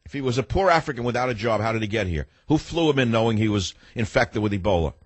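A man's voice: mid-range voice, expressive, quick pace, breathy edge, dry recording. An older man in his sixties hosting a talk radio show, delivering a combative, ranting monologue that turns reflective at times. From United States.

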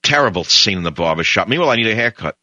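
A man's voice: animated, rapid-fire, bright, forceful tone, no room sound. Older New man, rambling talk host. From Brooklyn, New York. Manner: digressive storyteller, jumps between tangents with sudden pitch leaps. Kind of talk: rambling monologue.

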